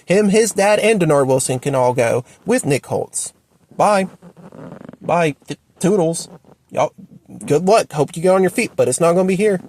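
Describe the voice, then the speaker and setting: With an expressive voice at a moderate pace and a little hiss or hum in the background, a man rants about his football team from home. He is a fan commentator in a sports opinion video, exasperated, repetitive, and full of sharp pitch swings.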